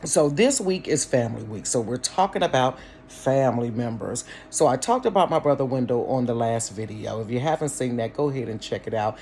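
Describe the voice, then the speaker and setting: A man from Cincinnati hosting a casual storytime vlog from his bedroom, chatty and animated, talking straight to his viewers and laughing easily. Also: mid-range voice, brisk, a little hiss or hum. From Cincinnati, Ohio. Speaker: storytime channel host. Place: bedroom at home.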